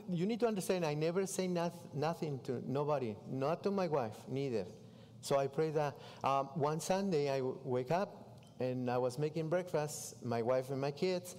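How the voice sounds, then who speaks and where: A man's voice: on the high side, normal speed, a little mellow, long reverb tail, slight background noise. A pastor from Mexico with a Mexican Spanish accent, telling his story in a sermon in broken English and acting out his own dialogue. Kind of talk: sermon testimony. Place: church.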